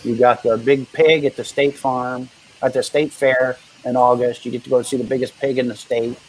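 A man's voice: mid-range voice, little pitch movement, darkish tone, slightly rough, low-quality recording. Man, street performer, easygoing storyteller full of restarts and quoted dialogue. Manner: rambling, halting anecdotes with quoted dialogue. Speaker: guest, street performer and juggler. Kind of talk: casual interview storytelling.

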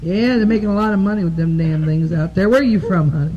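A woman's voice: on the low side, muffled recording, background noise. A woman doing bawdy live stand-up, a profane, rambling storyteller who strings jokes together with "I said, he said" and chuckles at her own punchlines, into a stage microphone. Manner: drawn-out "I said, he said" story delivery. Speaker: stand-up comedian. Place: nightclub stage with a live audience.

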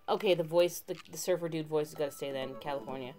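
A woman's voice: low voice, quick pace, warm tone, soft background music. A woman playing a game on her channel, chatting casually and hesitantly to her viewers. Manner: chatty, hesitant, self-questioning. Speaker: let's play gamer.

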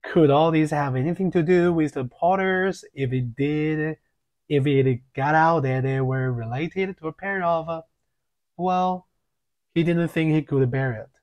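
A man narrating an audiobook in a measured reading, with occasional filler slips. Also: fairly high pitch, darkish tone, lo-fi sound.

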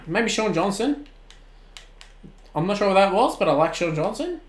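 An Australian man in his twenties streaming a football video game, shouting at the plays and then chatting casually with viewers. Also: high-pitched, normal speed, pauses often, reverberant. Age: 20s. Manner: excitable, swings from shouting at the game to relaxed chat. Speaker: gaming streamer. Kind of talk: live-stream commentary and chat replies.

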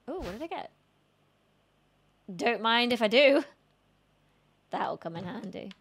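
This woman streams a horror game, talking with her viewers, cursing, and screaming whenever something scares her. Her voice sits a little high and sounds animated but unhurried.

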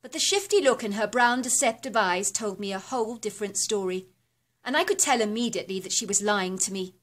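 A woman reading a first-person horror story aloud in a steady, descriptive storytelling manner. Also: mid-range voice, a little fast. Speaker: narrator.

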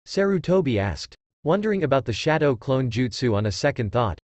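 A man narrating a fan story aloud in an animated, casual reading style. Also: medium pitch, fairly quick, hardly any pauses, no echo.

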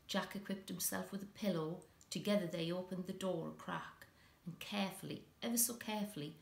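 A woman reading a children's story aloud with an expressive, dramatic delivery, in an echoey room. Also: lowish voice, gravelly.

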